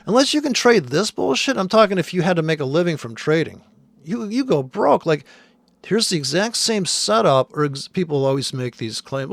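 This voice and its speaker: Profane ranting man, high-pitched and dry. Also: big pitch swings, moderate pace, creaky, dry recording. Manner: blunt, profane, exasperated ranting. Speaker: trader. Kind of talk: screen-share chart commentary.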